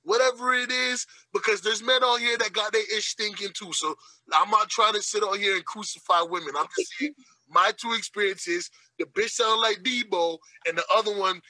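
A man hosting a casual podcast, telling crude stories in an animated, profane way with loud outbursts. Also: sits high, no echo, low-quality recording. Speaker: podcast host. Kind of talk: casual, crude comedic chat.

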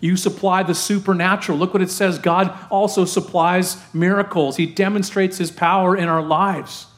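Middle-aged male pastor, slightly high voice, chatty sermon that keeps asking the congregation questions. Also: fairly even intonation, normal speed. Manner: conversational preaching with questions to the congregation.

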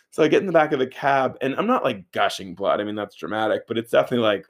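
Animated, profane male storyteller. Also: mid-range voice, rapid-fire, few pauses. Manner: animated, profane, filler-heavy with frequent "like". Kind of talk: casual storytelling.

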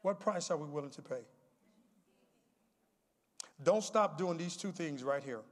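High-voiced preaching pastor in a reverberant hall. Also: male voice, unhurried. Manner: builds from quiet storytelling to shouted preaching. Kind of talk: sermon. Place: church sanctuary.

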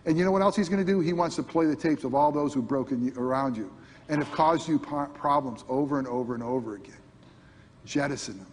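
A man preaching as a pastor, animated, acting out imagined voices and swinging from loud bursts to hushed lines. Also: medium pitch, fast, in a large hall. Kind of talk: sermon.

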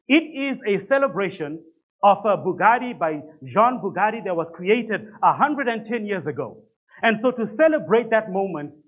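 A pastor preaching a sermon to a church congregation, emphatic, with rhetorical questions and conversational, self-deprecating asides. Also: male voice, high voice, a bit bright.

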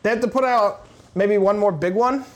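A man co-hosting a gaming podcast, talking excitedly in a rambling way with lots of fillers and restarts. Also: high-pitched, moderate pace. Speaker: podcast co-host. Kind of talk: casual chat.

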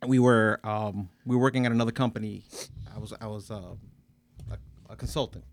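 A man's voice: lowish voice, a little fast, slight background noise. A man telling a funny story in a casual podcast chat, acting out the dialogue with slang. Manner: animated, acts out dialogue, slangy.

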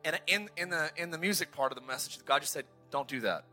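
A man preaching a sermon as a pastor, telling stories in an energetic, joking and self-deprecating way. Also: a little high, fast, faint music behind. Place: church.

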